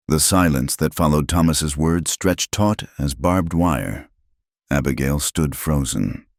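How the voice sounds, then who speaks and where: A man's voice: a bass voice, darkish tone, no room sound, clean studio sound. A man giving scripted, dramatic narration of a Western story.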